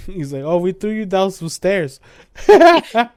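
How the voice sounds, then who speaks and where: A man's voice: high-pitched, normal speed, darkish tone, no room sound, studio quality. A young man co-hosting a podcast, telling a drunk story in casual chat, swearing often and acting out the quotes with bursts of laughter. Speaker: podcast co-host.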